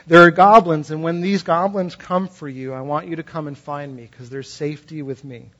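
A preacher voicing a calm, protective fairy grandmother. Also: fairly high pitch, normal speed, highs cut off, lightly acted. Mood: reassuring. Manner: calm, reassuring, instructive. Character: wise, protective fairy grandmother from an old tale.

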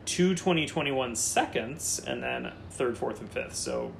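A man hosting a casual fantasy football chat, reading through a roster in quick lists and joking with his co-host. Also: mid-range voice, vocal fry, a little hiss or hum. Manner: lively, lists players in quick runs, jokey.

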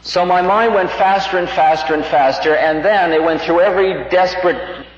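A man giving a spiritual talk, telling a personal story in an unhurried, reflective way and livening up the quoted lines. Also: high-pitched. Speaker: spiritual teacher. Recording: dull lo-fi recording in a reverberant hall.

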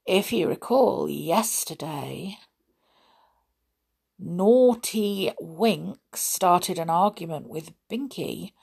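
Woman, storyteller, children's book read-aloud, gentle, expressive, slow, animated pitch. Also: gravelly, slightly rough.

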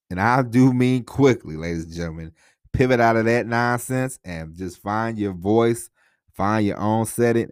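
A man's voice: low-pitched, no echo, clean studio sound. A man hosting a podcast, talking casually and at length, repeating himself and often asking "you know what I mean?". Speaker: podcast host. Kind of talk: casual solo podcast talk.

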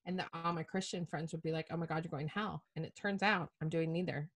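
A middle-aged woman telling a personal story as a podcast guest, animated and self-mocking, swearing casually. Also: low voice, fast.

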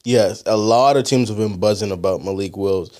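A young man co-hosting a casual sports chat, easygoing and agreeable, quick to laugh. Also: fairly low pitch, darkish tone. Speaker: co-host.

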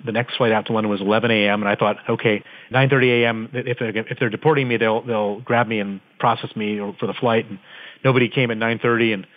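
A man, an interview guest, telling his story vividly and dramatically from his office over the phone. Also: lowish voice. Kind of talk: conversational storytelling. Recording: tinny phone line.

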